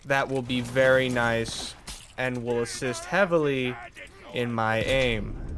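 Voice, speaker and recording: A man's voice: medium pitch, steady tone, takes it slowly, fairly bright tone, a little hiss or hum. A man hosting a gaming channel, giving sarcastic, wry commentary over his own gameplay.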